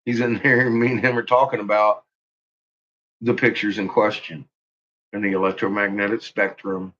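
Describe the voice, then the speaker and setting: A man's voice: on the low side, little pitch movement, normal speed, a bit bright. A man ranting on a live stream in casual, profane talk, laughing often and calling out to his viewers by name. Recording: muffled lo-fi recording.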